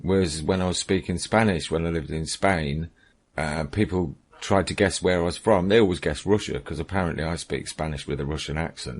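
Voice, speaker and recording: A man's voice: low voice, brisk. A man co-hosting a podcast interview, chatty and enthusiastic. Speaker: podcast co-host. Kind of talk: casual interview.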